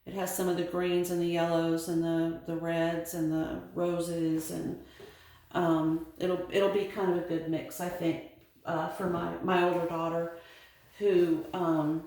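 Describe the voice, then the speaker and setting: A middle-aged Southern woman talks slowly and loosely about her sewing room, filling gaps with ums and restarting her sentences. Her voice sits a little low, and the room around her rings with heavy echo. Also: little pitch movement, warm tone. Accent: Southern American. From American South. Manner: rambling, many ums and restarts. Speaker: sewing vlogger. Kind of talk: casual show-and-tell vlog. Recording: very echoey room.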